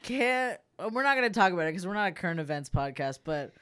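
A woman's voice: fairly low pitch, sing-song, fast talker, fairly bright tone, a little hiss or hum. A woman co-hosting a podcast, chatting casually, rambling and giggling. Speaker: podcast co-host. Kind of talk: casual comedic chat.

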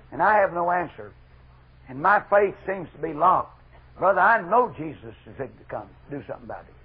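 A middle-aged man preaching a fervent revival sermon, moving from loud exhortation to hushed asides. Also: a little high, husky. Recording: dull lo-fi archival sermon recording.

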